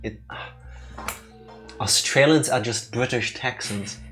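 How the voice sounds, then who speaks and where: Man, let's play host, casual game commentary, excitable, jokey, mid pitch, faint background music. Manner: excitable, joking, quick asides.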